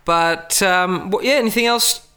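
A man's voice: sits high, unhurried, pushed and bright, clean tone. An Australian man hosting a podcast in casual chat, wry and steering the segments along. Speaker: podcast host.

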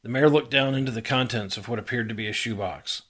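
A man reading a hard-boiled crime story aloud in an even, dry manner. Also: mid-range voice, quick pace, few pauses. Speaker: story reader.

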